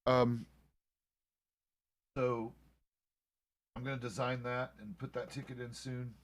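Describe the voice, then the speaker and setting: A man's voice: mid-range voice, flat delivery, takes it slowly. A middle-aged man, a roleplay streamer, chatting out of character in a laid-back, rambling, profane way. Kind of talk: casual out-of-character chat.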